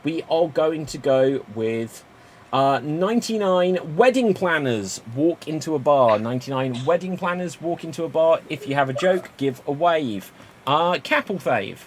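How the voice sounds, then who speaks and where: A man's voice: a little high, lively intonation, measured pace, a little hiss or hum. A man hosting an improv comedy game, upbeat and calling on players by name. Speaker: improv host.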